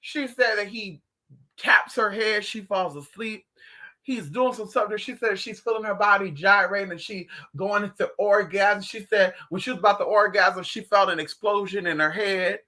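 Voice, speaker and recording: A livestream host telling gossipy stories in a profane, animated way, talking straight to the viewers. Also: medium pitch, moderate pace. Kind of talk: casual livestream chat.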